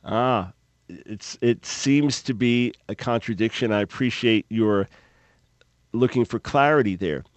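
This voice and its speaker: A man hosting a call-in radio show, answering Bible questions in a measured, explanatory way. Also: mid-range voice, dry recording. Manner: measured, explanatory, thoughtful pauses. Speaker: radio talk show host.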